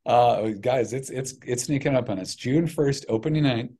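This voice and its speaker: A middle-aged man talking as a podcast guest, an animated, self-deprecating storyteller who restarts his sentences a lot. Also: mid-range voice, normal speed. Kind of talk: casual chat.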